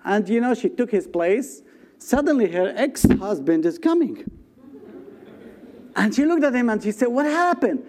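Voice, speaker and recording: A man from Nazareth, speaking halting as a guest speaker giving his testimony and jokes in church. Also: high-pitched, very animated, a little mellow. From Nazareth, Israel. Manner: non-native English, joking storyteller with pauses. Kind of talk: testimony and humorous sermon in church.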